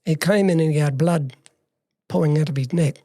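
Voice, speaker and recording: A man's voice: a little high, normal speed, warm tone, no echo, clean studio sound. An older man from regional Western Australia with an Australian accent, a guest telling long stories from his years as a youth worker and acting out the old conversations. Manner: long story told in plain words, acting out past dialogue. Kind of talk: personal storytelling in a conversation.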